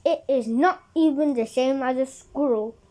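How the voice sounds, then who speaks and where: A woman's voice: sits high, moderate pace, dark tone, close to an everyday voice. A woman voicing a stubborn little girl. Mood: insistent. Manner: storybook reading aloud. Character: small girl, stubborn and dreamy.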